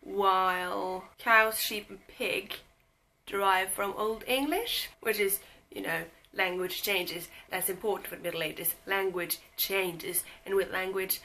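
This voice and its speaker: A woman's voice: medium pitch, pushed and bright, a little hiss or hum, poor audio. A young woman giving a casual, rambling book talk to camera, chatty and self-deprecating, with lots of fillers. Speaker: book vlogger.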